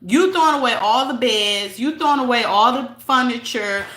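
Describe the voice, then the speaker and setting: Bright, blunt woman live-streaming. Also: on the high side, moderate pace, reverberant. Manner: chatty and blunt, talks straight to viewers. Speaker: livestream host reading chat. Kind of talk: casual live-stream chat and gossip commentary.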